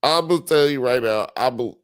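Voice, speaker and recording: A man's voice: mid-range voice, a little fast, clean tone, dry recording, studio quality. A man hosting a podcast live stream, chatting casually in a profane, joking, rambling way. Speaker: podcast host.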